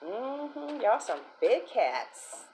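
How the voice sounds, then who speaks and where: Chatty tarot reader, female, lively swooping delivery, salty language. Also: mid-range voice, unhurried, a little hiss or hum. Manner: chatty, animated, profane storytelling. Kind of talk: casual livestream reading.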